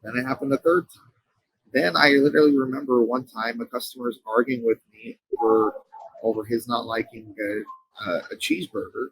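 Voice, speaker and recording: A man with a husky, slightly breathy voice recounts a personal story as an interview guest. He talks earnestly, often stopping and restarting mid-sentence. The sound is dry and close. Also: mid-range voice, steady tone, dry recording, poor audio. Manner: earnest, halting, frequent restarts. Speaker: company co-founder, interview guest.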